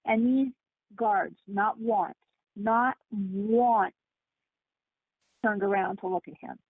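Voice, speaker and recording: Gravelly woman telling a story by phone. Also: medium pitch, slow, no room sound. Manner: animated storytelling, emphatic. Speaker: guest. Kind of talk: casual phone interview. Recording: tinny phone line.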